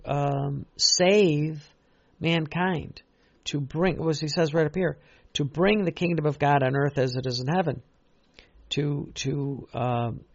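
A man's voice: a little high, creaky, no room sound, muffled recording. A man preaching a sermon in an earnest, repetitive way, stressing key phrases and often restarting.

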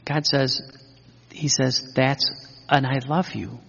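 A man's voice: mid-range voice, steady tone, takes it slowly, vocal fry, a bit bright, breathy edge, in a large hall, muffled recording. A man teaching in an earnest sermon style, repeating phrases and quoting scripture. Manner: earnest, repetitive, quotes scripture. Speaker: religious teacher.

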